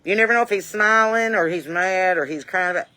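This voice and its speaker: A woman's voice: on the low side, moderate pace, sharp tone. A woman giving a chatty, folksy, rambling comic monologue to camera, outdoors on her porch. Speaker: comedian and musician.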